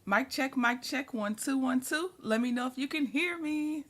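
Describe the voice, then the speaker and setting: A woman with a high, bright voice hosting a casual livestream. She is chatty and laughs often as she greets viewers one by one. She sounds sleepy and keeps yawning. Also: unhurried. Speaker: livestream host.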